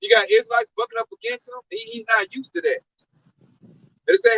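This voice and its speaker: Fired-up guy preaching, really high voice that jumps all over, sounds kinda far from the mic. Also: sing-song, quick pace, creaky, pushed and bright, slight background noise. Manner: fervent, heavy use of "you know" and "man". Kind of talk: informal sermon teaching scripture.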